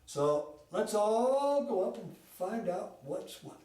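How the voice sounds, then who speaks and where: A man's voice: sits high, big pitch swings, slow, dark tone, heavily acted. A man doing a folksy fishing-shop owner. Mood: musing. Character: middle-aged man who runs a fishing shop, thoughtful. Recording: echoey room, mic far off.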